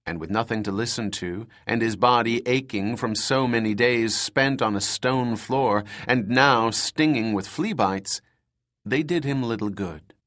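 A man narrating a dark thriller audiobook in a measured, dramatic reading style. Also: mid-range voice. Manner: slow, measured, dramatic reading with voiced dialogue.

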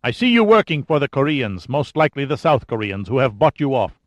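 A man's voice: mid-range voice, big pitch swings, brisk, no echo, dull audio, natural voice. A man voicing a cold, commanding Russian KGB agent in an audiobook, delivering curt, barked orders. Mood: harsh, commanding.

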